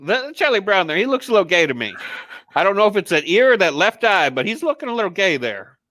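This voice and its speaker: Crude, joking man with a bright voice. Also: high-pitched, sing-song, fast, no room sound. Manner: blunt, profane, joking. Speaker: co-host. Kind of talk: crude casual chat.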